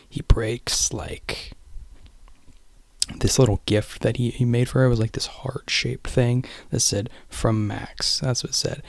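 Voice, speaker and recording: A man's voice: medium pitch, gravelly, darkish tone, dry recording. A young man casually rambling through a movie recap, restarting often and sometimes dropping to a whisper. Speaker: vlogger.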